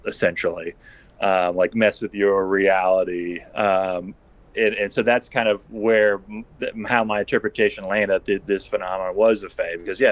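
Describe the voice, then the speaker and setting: Male podcast guest, low-ish voice, thoughtful and meandering, restarts his sentences often. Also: fairly bright tone, rough recording. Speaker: guest recounting an encounter. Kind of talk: casual podcast conversation.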